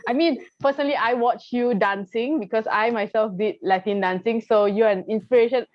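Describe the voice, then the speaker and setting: Host, woman, higher pitch, warm compliments, lo-fi dull audio. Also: a little fast, no room sound. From Malaysia. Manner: friendly and complimentary, with light laughs. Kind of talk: online panel hosting. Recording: dull lo-fi sound.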